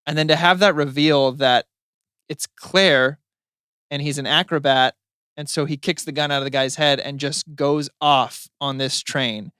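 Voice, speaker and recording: A man's voice: a little high, steady tone, a little slow, bright, forceful tone, smooth, no room sound, clean studio sound. A man co-hosting a podcast, chatting casually and enthusiastically about a show he loves. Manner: enthusiastic, acts out characters' lines. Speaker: podcast co-host. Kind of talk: casual chat.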